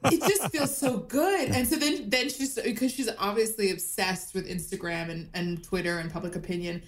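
A woman guest on a comedy podcast, talking over a video call with an animated, chatty storytelling manner full of fillers. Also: mid-range voice, moderate pace, roomy sound.

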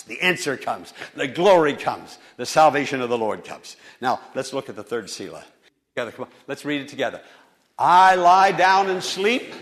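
A male pastor preaching a sermon to a congregation, swinging from soft, low lines to loud, high appeals. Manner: preaching with dramatic swings in loudness and pitch. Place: church.

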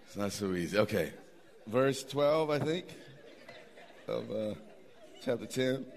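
A middle-aged man preaching a sermon, animated, with repetitions and asides to the congregation. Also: medium pitch, a little slow, some chatter behind. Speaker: pastor.

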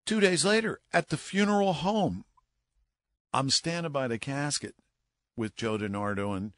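A middle-aged man with years behind a broadcast mic, spinning a story and swinging his voice all over the place as he plays each character. He has a medium pitch, and the close, dry studio sound leaves no room echo. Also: moderate pace. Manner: lively anecdote-teller who acts out voices. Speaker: guest, veteran broadcaster. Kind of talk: animated storytelling.

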